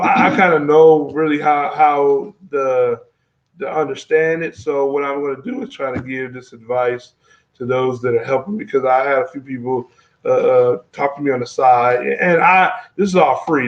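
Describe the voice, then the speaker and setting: A man's voice: medium pitch, steady tone, normal speed. A man hosting a casual travel live stream, talking loosely with many fillers and reading viewer comments aloud. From Texas. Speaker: travel vlogger host. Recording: dull lo-fi live-stream audio.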